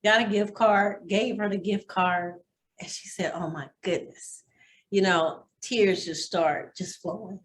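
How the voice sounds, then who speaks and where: In an echoey room, a woman with a medium-pitched, steady voice teaches a real estate class at a measured pace. She shares heartfelt stories about giving back, speaking of blessings and generosity in a motivational way.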